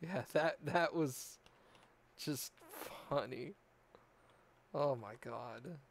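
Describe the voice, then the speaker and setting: Gravelly-voiced man in laid-back chat. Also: fairly high pitch, a little hiss or hum. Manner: laid-back, quick to laugh. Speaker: co-host. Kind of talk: casual chat while doing a puzzle.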